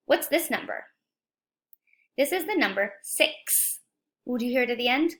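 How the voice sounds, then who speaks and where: A woman teaching a children's phonics lesson, speaking slowly and clearly, encouraging and asking young viewers questions. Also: fairly high pitch, expressive, bright, forceful tone. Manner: slow, clear, encouraging, asks questions to kids.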